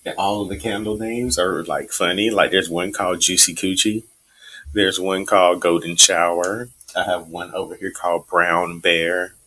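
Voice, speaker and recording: A man's voice: deep voice, fairly even intonation, normal speed, pushed and bright. A man co-hosting a casual chat podcast. He talks in an easygoing, wry way and chuckles often. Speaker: podcast co-host.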